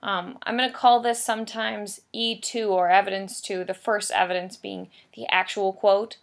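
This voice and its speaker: A woman teacher walks through a recorded writing lesson, explaining each step patiently and hammering home key points by repeating them. Her voice sits at a middle pitch with a gravelly fry at the edges. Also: fairly even intonation, normal speed. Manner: patient, explanatory, emphatic repetition.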